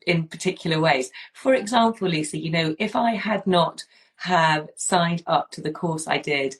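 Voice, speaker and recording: Woman, forties, casual chat, rambling storyteller, fairly low voice. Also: moderate pace, low-quality recording. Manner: rambling storyteller with many restarts. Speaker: podcast host.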